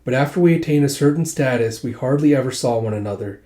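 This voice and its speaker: Guy reading as a calm noble lady, mellow low tone, echoey room. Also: fast talker, lightly acted. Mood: composed. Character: composed noblewoman, mother of a lord.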